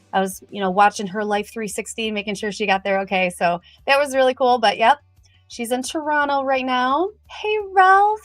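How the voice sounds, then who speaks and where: A chatty middle-aged woman hosts a casual livestream, her voice slightly high and bright. She talks in quick, upbeat bursts with a nervous edge. The sound is dry and close, with faint music underneath. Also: dry recording. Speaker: livestream host.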